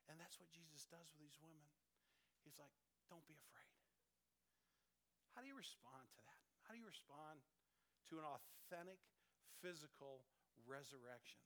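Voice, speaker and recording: A man in his fifties preaching a sermon as pastor, conversational and animated, often dropping to a soft calm voice. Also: on the high side. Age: 50s.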